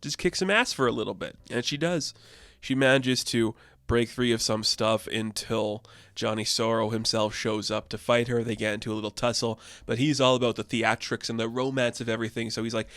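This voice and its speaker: A young man talks through a comic book story in a loose, chatty way. His voice sits in a middle register and sounds dry and close. He jumps into the characters' lines with lively shifts in pitch. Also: fairly quick, no echo. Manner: animated, acts out characters' lines. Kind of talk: casual recap of a comic.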